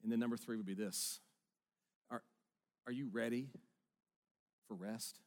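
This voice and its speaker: A middle-aged man preaching a sermon in an earnest voice, moving between hushed, quiet lines and emphatic ones. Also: mid-range voice, fairly even intonation, a little slow. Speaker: pastor.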